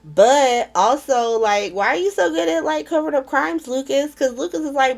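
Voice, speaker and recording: A woman's voice: high-pitched, moderate pace, gravelly, hardly any pauses. A woman hosting a casual recap vlog, talking in a chatty, irreverent way with frequent swearing and ums. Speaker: soap opera recap vlogger.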